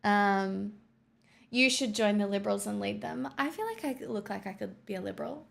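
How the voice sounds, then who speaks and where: A woman's voice: medium pitch, lively intonation, moderate pace, vocal fry. A woman, chatting casually on a live stream, reading out viewer donations and answering them in a wry, sardonic way. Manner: wry and sardonic, peppered with "right?" and "truly".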